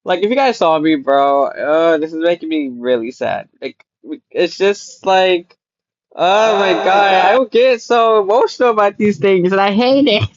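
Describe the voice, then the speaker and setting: A young man casually reacting to an animated story, emotional and excitable, repeating himself when worked up. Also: high voice, unhurried, dry recording, muffled recording. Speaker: game and video reaction YouTuber.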